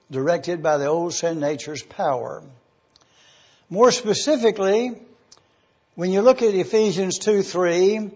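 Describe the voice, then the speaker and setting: A male pastor preaches in a measured, deliberate cadence, walking through his points one by one. His voice sits high and a little breathy. The recording is muffled and lo-fi. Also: darkish tone. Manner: slow, deliberate teaching cadence with listed points. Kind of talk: sermon.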